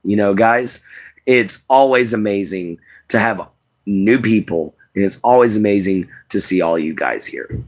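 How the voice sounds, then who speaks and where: A man's voice: on the low side, unhurried. Laid-back man chatting on stream. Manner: laid-back, rambling, says "you know" and "man" a lot. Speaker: live streamer. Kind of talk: casual live stream chat.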